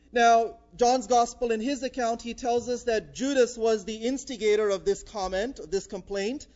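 A man's voice: extremely high pitch, darkish tone, lo-fi sound. A man preaching a sermon in a conversational way, with frequent "uh" fillers. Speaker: pastor.

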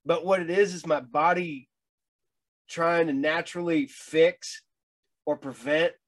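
A middle-aged man with a fairly high voice talks as a guest in a casual chat. He stumbles and repeats his words, adding dry, wry remarks. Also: fairly even intonation, a little slow.

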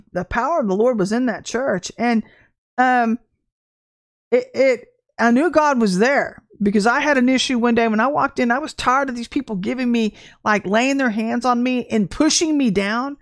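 Brief: middle-aged woman minister, bright higher voice, close dry mic, chatty testimony preaching. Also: moderate pace, dry recording. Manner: animated storytelling with laughs and acted quotes. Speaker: livestream minister. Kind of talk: informal testimony sermon.

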